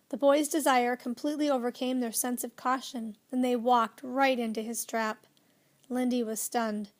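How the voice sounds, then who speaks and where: A woman narrating a children's storybook with a lively, expressive reading. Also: a little high, normal speed. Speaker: audiobook narrator.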